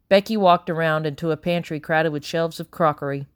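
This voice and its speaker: A woman narrating a novel in the first person, steady and measured. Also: deep voice, clear, resonant tone, no room sound, studio quality. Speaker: audiobook narrator.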